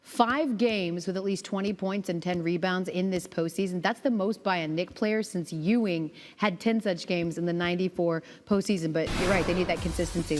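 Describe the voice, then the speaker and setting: A woman's voice: on the low side, normal speed, hardly any pauses, in a large hall, soft background music. A woman hosting a sports broadcast, polished and conversational as she tees up questions. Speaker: sports show host.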